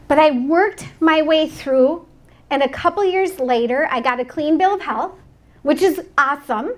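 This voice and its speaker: A woman in her forties speaks with a fairly high voice from a conference stage. She delivers an inspirational keynote, earnest and personal, lightened with self-mocking jokes. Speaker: motivational speaker. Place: event stage before an audience.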